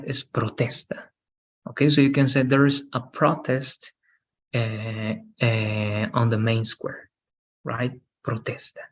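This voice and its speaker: A man's voice: medium pitch, breathy edge, rough recording. A man teaching an English lesson on a video call, patient and often checking in with "right?".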